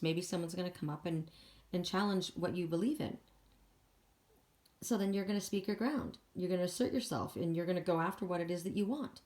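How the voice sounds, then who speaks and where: A woman's voice: medium pitch, a little mellow. A woman giving a casual, encouraging oracle card reading, talking in an emphatic, chatty way.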